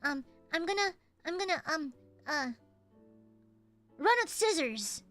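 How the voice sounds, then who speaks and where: High bright playful woman streamer. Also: lively intonation, slow, soft background music. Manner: playful, chatty, bursts into giggles and squeals. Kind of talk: casual chat with a live stream chat.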